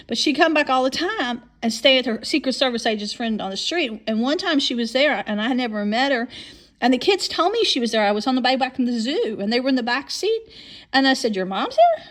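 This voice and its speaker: A woman's voice: a little high, fairly bright tone. A woman in her fifties telling a long personal story in a monologue, rambling and often repeating or restarting her words.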